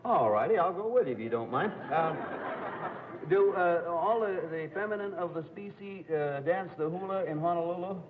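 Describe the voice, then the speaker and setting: A man's voice: high-pitched, lively intonation. Wisecracking man hosting a vintage quiz show. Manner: joking, quick wisecracks. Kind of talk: live radio quiz hosting. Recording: tinny, hissy 1950s broadcast recording.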